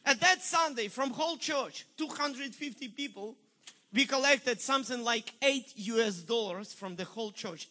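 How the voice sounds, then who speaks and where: A man with a Ukrainian accent preaching a sermon, telling a story in an animated, emphatic way. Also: very high-pitched, moderate pace. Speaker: pastor.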